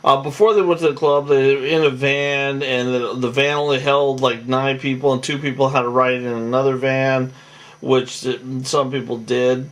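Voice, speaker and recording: A man's voice: medium pitch, level tone, normal speed. A tired man recapping a reality show in a rambling, casual monologue full of fillers and restarts.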